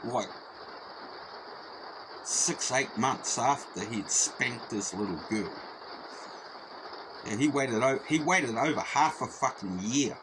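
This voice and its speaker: A man's voice: mid-range voice, slow, long pauses. A man telling a story in a rambling, profane, repetitive way. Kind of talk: casual spoken anecdote. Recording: noisy background.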